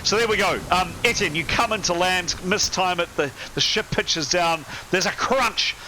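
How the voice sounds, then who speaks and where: A man narrating as game master of a tabletop role-playing game, now and then shouting lines for panicked sailors. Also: high voice, moderate pace, low-quality recording. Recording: faint background noise.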